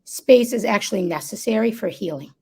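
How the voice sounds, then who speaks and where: A woman's voice: medium pitch, lively intonation, a little fast, vocal fry, dark tone. A woman speaking as a guest in a live conversation, explaining reflectively and often checking in with "right?". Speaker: guest, listening workshop co-founder.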